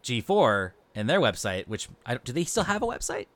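Rambling podcast host, dry sound. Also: male voice, medium pitch, very animated, brisk, fairly bright tone, no room sound. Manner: rambling, loose, with frequent fillers. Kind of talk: casual chat.

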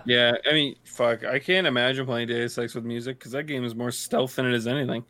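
A man's voice: mid-range voice, fairly even intonation, fairly quick, bright, forceful tone, no room sound. A man co-hosting a podcast, chatting casually with a sarcastic, swearing manner. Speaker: podcast co-host. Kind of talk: casual chat.

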